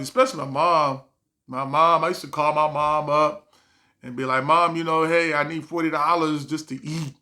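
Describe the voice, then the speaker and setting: A man's voice: fairly high pitch, creaky, bright, forceful tone. A middle-aged man talking casually to the camera, telling stories from his life, laughing often and acting out what people said. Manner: laughs often, acts out quotes. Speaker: vlogger. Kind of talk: casual storytelling monologue.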